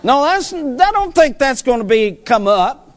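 A man's voice: very high-pitched, very animated, measured pace, some chatter behind. A male preacher delivering a sermon in an emphatic, folksy way, repeating phrases for stress.

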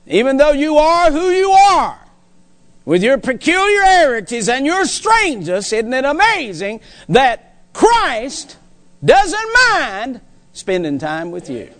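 A man's voice: extremely high pitch, huge pitch swings, takes it slowly, a bit bright. A male preacher delivering a sermon in an emphatic, folksy way, repeating phrases for stress.

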